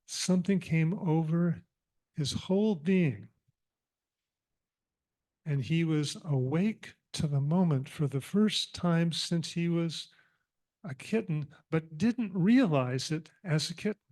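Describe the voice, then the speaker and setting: A man giving a sermon as minister, telling a parable in an animated, humorous and reflective way. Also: on the high side, slow. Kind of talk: storytelling sermon.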